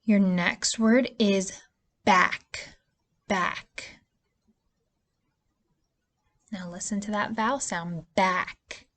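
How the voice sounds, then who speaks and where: Taking it slowly in her mid-range voice, a woman teaches spelling to young children. She is a patient early-years teacher who stretches each vowel sound out.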